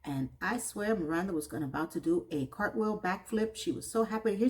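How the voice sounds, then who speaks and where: A woman's voice: fairly low pitch, animated, fast talker, hardly any pauses, darkish tone, rough recording. A woman giving a casual recap of a TV episode, breaking off into exasperated, sarcastic asides. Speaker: TV recap reviewer.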